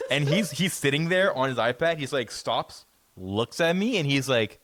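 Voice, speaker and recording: A man's voice: medium pitch, animated, normal speed, fairly bright tone, no room sound. Stammering, swearing man telling a story. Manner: rambling, swearing, stammering restarts. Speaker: podcast co-host. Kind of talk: casual storytelling.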